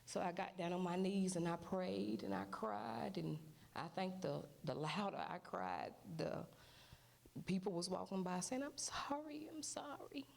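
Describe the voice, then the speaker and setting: A woman's voice: on the low side, lively intonation, unhurried, vocal fry, darkish tone, a little hiss or hum. A mother giving an emotional testimony at a church service, acting out what others said to her. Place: church sanctuary.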